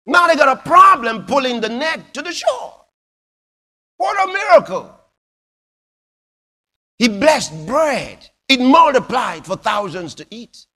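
A male preacher delivering a sermon in a high, bright voice that swings widely in pitch. He tells his stories slowly and dramatically, leaping from hushed near-whispers to ringing shouts. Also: sing-song. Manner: dramatic, exclamatory storytelling with sudden loud bursts and hushed drops.

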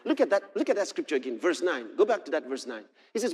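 A man preaching a sermon, telling a personal story with animated delivery that moves between hushed passages and shouted exclamations. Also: on the high side, fast talker, husky.

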